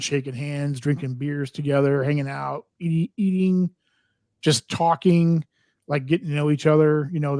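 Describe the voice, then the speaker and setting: A man in a casual livestream chat, eager and halting, with lots of fillers. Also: fairly high pitch, a little mellow, dry recording.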